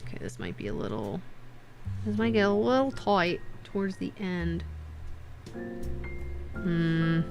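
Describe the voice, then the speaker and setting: A young woman streaming while doing a craft, chatting casually with her viewers and getting excited easily. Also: fairly low pitch, unhurried, pauses often, music in the background.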